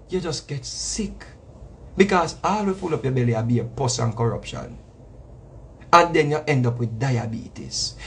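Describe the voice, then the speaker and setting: A Jamaican man talks with a husky, breathy edge, his voice sitting high for a man. He preaches in a loose monologue and keeps circling back with repeated phrases to drive his point home. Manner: preachy, repetitive, emphatic with slang asides. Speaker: reggae artist. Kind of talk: casual spoken monologue.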